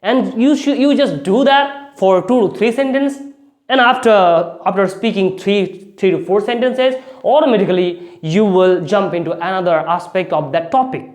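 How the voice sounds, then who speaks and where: Man, high voice, english speaking tips, repeats phrases, stresses key words. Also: normal speed. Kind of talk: spoken English lesson.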